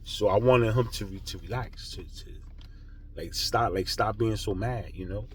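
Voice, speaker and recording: A man's voice: on the low side, moderate pace, a little hiss or hum. A young man casually telling a personal spiritual story, earnest and rambling, swearing freely and checking in with his listener. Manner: earnest, rambling, swears freely, keeps asking "you know?". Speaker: spiritual vlogger.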